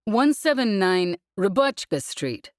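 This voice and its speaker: A woman's voice: mid-range voice, very animated, takes it slowly, no echo, pitched above the performer's own voice. A woman voicing a wry demolition crew boss. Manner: dry, joking about bureaucracy.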